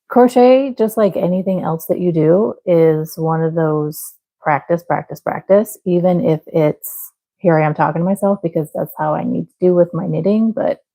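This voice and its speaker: A woman's voice: medium pitch, dull audio. A woman from the American Midwest hosting a crochet livestream, chatting casually and apologetically with viewers, rambling with fillers and little laughs as she works. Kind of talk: casual chat with live viewers while crocheting.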